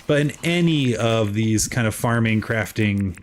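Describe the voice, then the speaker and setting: There's a little hiss or hum as this man, in his thirties and from South Jersey with its accent, speaks at a measured pace while streaming a farming game. He responds to his chat in a chatty, rambling, lively way, with abrupt leaps up in pitch.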